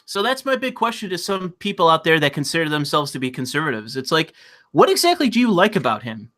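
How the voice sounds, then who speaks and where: A man with a bright, forceful and slightly high voice hosts a casual online chat. He rants with plenty of swearing and stumbles over repeated words as he builds his points. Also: very animated, quick pace. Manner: profane, ranting, repeats words. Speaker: host.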